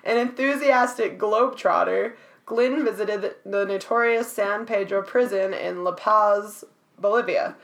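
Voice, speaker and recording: A woman's voice: medium pitch, a little slow, vocal fry, a bit bright. A woman reading out trivia in a casual chat, laughing often and swearing freely.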